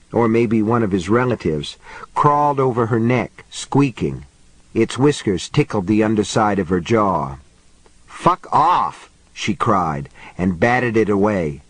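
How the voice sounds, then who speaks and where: Male audiobook reader for horror, measured pacing, low register, dry booth sound. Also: no room sound. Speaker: audiobook narrator. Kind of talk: scripted horror narration.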